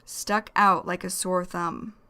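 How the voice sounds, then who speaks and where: A woman teaching English vocabulary, explaining idioms slowly and deliberately and repeating each phrase. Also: on the low side, level tone, sharp tone, clear, resonant tone.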